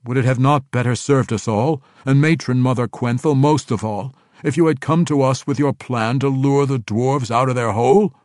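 A man voicing a bold, upstart male dark elf noble who questions others in a pointed, challenging way. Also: mid-range voice, normal speed, hardly any pauses, no room sound, clean studio sound, lightly acted.

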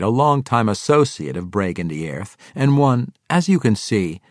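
Man voicing a suave dark-elf agent, calm, measured, self-assured, lowish voice, dry close sound. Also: dry recording.

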